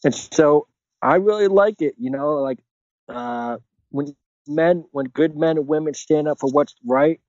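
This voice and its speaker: A man's voice: fairly high pitch, measured pace, darkish tone, no room sound. Earnest rambling man, dry muffled sound. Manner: rambling, heavy on filler phrases, earnest. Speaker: podcast guest. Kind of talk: casual conversational interview.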